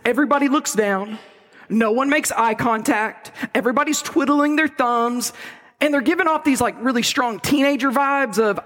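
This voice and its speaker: A man's voice: extremely high pitch, fairly bright tone, big-room sound. A man preaching a sermon in a conversational, playful storytelling manner in a church.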